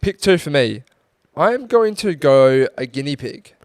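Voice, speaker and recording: A man's voice: a little high, big pitch swings, a little slow, a little mellow, no echo. Easygoing young man, dry sound. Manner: easygoing, joking, swears casually. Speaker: podcast co-host. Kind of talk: casual chat.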